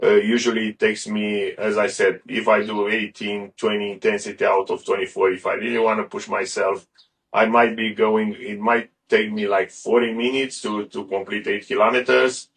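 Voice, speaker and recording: A man's voice: fairly low pitch, little pitch movement, moderate pace, fairly bright tone. A middle-aged man talking casually as an interview guest, rambling and restarting his sentences often. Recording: a bit far from the mic.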